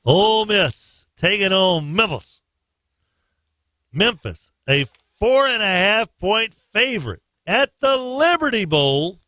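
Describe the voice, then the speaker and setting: A man's voice: high-pitched, sharp tone, no echo. A man hosting a morning sports radio show from a studio. He runs through his picks in a loose, joking way with a slightly raised voice. The sound is dry and close. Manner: loose, joking, sings snatches of songs.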